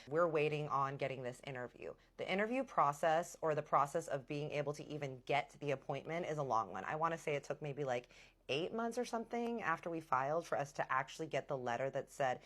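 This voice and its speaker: A woman telling a personal story in a vlog, animated and dramatic, with big emotional swings. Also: sits low, brisk. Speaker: vlogger.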